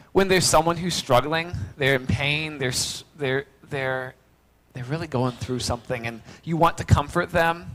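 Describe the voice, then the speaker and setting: A man preaching a sermon as pastor, swinging from loud cries to hushed near-whispers. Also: a little high, low-quality recording.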